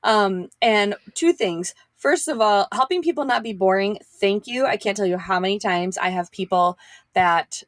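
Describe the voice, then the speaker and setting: A woman hosting her own podcast, bubbly and effusive, and she chats easily with her guest. Her voice sits at an ordinary middle pitch. The recording is close and dry, with almost no room echo. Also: moderate pace. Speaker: podcast host. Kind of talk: casual interview chat.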